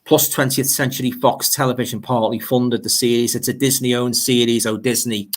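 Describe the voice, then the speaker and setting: Steady in tone and moderate in pace, a man with a mid-range voice and Liverpool accent hosts a relaxed livestream. He reads viewer comments aloud and rambles, regularly repeating words.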